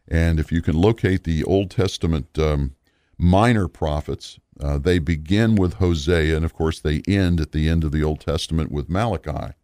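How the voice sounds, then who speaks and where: Very deep-voiced male Bible teacher. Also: darkish tone, dry recording, studio quality. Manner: slow, deliberate, explanatory, with fillers.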